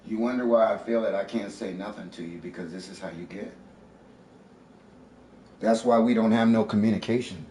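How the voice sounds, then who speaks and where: A man's voice: on the low side, normal speed, long pauses, mellow, far from the mic. A man live streaming from home, arguing at length in a confrontational, lecturing, profane way. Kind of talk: heated domestic argument. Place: at home, indoors. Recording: echoey room, off-mic, faint noise.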